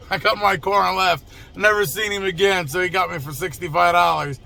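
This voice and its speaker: A man's voice: high-pitched, fairly even intonation, fairly quick, gravelly, few pauses, sharp tone. A young adult man, a mobile mechanic, casually telling a story to camera in a blunt, profane, conversational way. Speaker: mobile mechanic and channel host.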